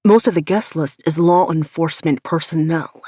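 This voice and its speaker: A woman voicing an angry, possessive young man who speaks in a low, clipped hiss. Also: moderate pace, dark tone, dry recording, studio quality. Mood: growling.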